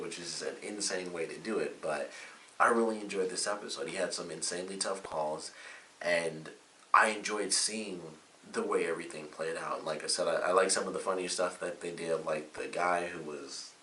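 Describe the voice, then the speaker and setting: A man's voice: low voice, bright, forceful tone, distant mic. A man giving a casual, rambling spoken review of a TV episode, full of fillers. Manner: rambling, chatty recap with many fillers. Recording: echoey room, away from mic, faint hiss.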